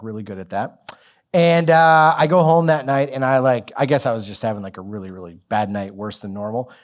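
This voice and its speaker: A middle-aged man telling a personal story on stage at a business event, casual and self-mocking, with many fillers. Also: mid-range voice. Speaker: business summit speaker. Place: event stage before an audience.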